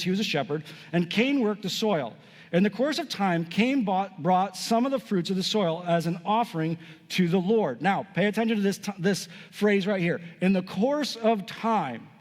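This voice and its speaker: A pastor preaching a sermon with emphatic delivery, swinging between raised and hushed passages. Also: male voice, high voice. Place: church sanctuary. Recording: long hall reverb.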